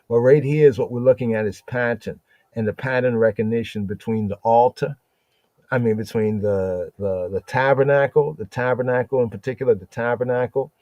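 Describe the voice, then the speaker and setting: Slow, mellow-voiced man teaching scripture. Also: mid-range voice, no echo. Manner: slow, deliberate, checks in with "right?"; repeats and restarts words while reading. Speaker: podcast Bible teacher. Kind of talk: scripture study talk.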